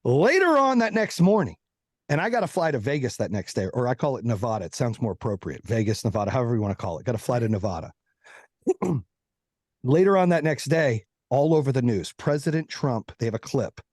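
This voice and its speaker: A man's voice: medium pitch, very animated, darkish tone, dry recording, studio quality. A man, a podcast guest, tells a long personal story in casual, profane talk and acts out the quotes of the people in it. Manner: profane, fast-moving anecdote with acted-out quotes.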